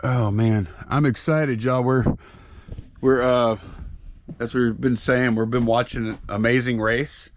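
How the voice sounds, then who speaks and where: A man's voice: mid-range voice, fairly even intonation, slow. A man chatting casually and rambling while packing orders as co-host of a reselling channel. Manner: rambling, self-interrupting, folksy.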